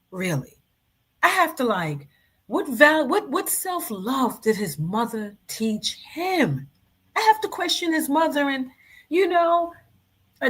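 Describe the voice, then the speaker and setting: A woman hosting a commentary show, reacting indignantly to video clips and repeating her points with big swings in pitch. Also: rough recording.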